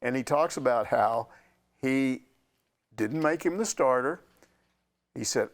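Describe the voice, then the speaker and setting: An older man hosting a sports chat, telling a story in a casual, animated way and acting out the quotes. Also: mid-range voice, moderate pace. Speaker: sports reporter answering questions.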